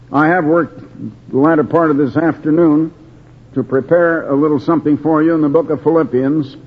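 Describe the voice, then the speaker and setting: An older man preaching a slow, deliberate Bible study sermon with many pauses and restarts, heard over a tinny broadcast. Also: on the high side, breathy edge. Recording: tinny phone-like radio broadcast.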